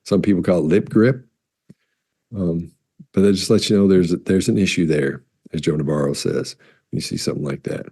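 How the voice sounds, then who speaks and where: A man's voice: deep voice, fairly even intonation, moderate pace, breathy edge. A man answering viewer questions in a casual, rambling way, often correcting himself mid-sentence, recorded on a compressed studio mic. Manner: rambling, self-correcting, demonstrates loud and soft speech. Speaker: body language expert answering viewer questions. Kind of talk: casual explanatory talk.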